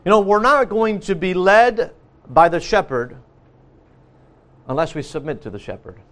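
A man's voice: high-pitched, animated, normal speed, fairly bright tone. A man preaching a sermon, earnest, repeating key phrases with frequent restarts and fillers.

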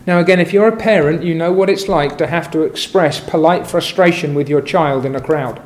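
A middle-aged man preaching a sermon, measured and emphatic, quoting scripture as he builds his points. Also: a little high.

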